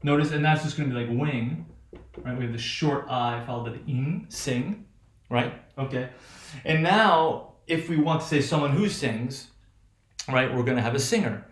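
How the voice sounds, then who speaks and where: Speaking at a moderate pace in a medium-pitched voice, a man lectures a class on phonetics in a reverberant space. The linguistics lecturer wanders, restarts repeatedly, and keeps asking "right?".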